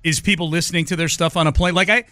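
A man's voice: a little high, fairly even intonation, rapid-fire, bright, forceful tone, no room sound. A man hosting sports radio in casual chat, laughing easily and setting up clips on a studio microphone.

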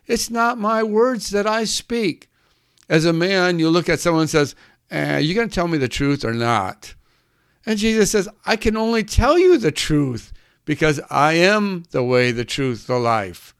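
A man's voice: a little high, clean tone, no room sound, clean studio sound. A man preaching a sermon, emphatic and drawn out, his voice climbing on the key words.

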